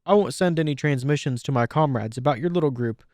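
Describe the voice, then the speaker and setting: A man's voice: medium pitch, dark tone, no echo, clean studio sound, natural voice. A man voicing a brash young male pegasus soldier on the run, talking cocky and defiant. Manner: cocky, defiant, quick-tongued.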